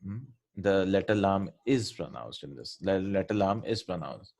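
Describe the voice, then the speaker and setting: A man's voice: sits low, lively intonation, moderate pace, gravelly, darkish tone. A man teaching a revision lesson on Arabic letters and pronunciation, explaining step by step and often checking in with his students.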